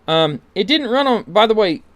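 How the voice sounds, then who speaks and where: A man's voice: high-pitched, big pitch swings, normal speed, fairly bright tone, no echo. A man giving casual, rambling commentary while playing an old computer game, with sarcastic asides. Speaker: streamer.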